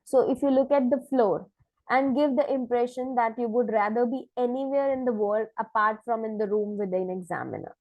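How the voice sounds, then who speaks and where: A woman's voice: fairly high pitch, normal speed, no echo, highs cut off. A woman teaching an online lesson, explaining points step by step and checking in with "right?". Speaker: IELTS teacher.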